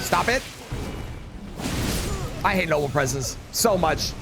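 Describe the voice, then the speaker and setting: Lively high-voiced male game streamer. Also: takes it slowly, gravelly, over music. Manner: chatty, swears at the game in frustration. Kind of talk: live gameplay commentary, chatting with viewers.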